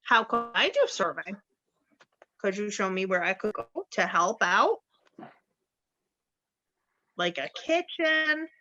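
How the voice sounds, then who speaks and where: A woman's voice: medium pitch, animated, slow pace, pauses often, bright, forceful tone. A woman voicing a nosy little girl who wheedles and asks prying questions. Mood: wheedling. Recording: dull lo-fi recording.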